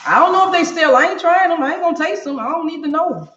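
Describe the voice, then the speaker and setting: A woman's voice: extremely high pitch, animated, quick pace, fairly bright tone, slight background noise. A woman hosting a casual live cooking stream from her home kitchen, chatting straight to her viewers. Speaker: cooking show host. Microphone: camera on a stand for a live stream. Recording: roomy, dull kitchen sound.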